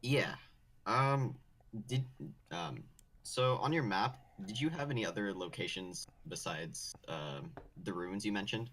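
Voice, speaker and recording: A man's voice: on the low side, measured pace, fairly bright tone. A man playing a tabletop game over a stream, speaking hesitantly with many ums. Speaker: player. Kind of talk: casual game chat.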